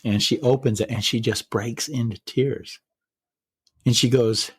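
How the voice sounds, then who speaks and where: A man hosting a podcast, retelling a personal story in casual chat, measured and full of quoted dialogue. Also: medium pitch, steady tone, breathy edge, dry recording.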